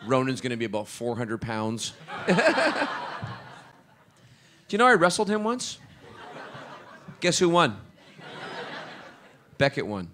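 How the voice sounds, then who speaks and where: Lively laughing man telling stories. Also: medium pitch, slow pace, long pauses, background noise. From Scotland. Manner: lively, laughing storyteller who stumbles and restarts. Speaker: guest actor on a convention panel. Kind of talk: casual panel storytelling. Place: convention panel room.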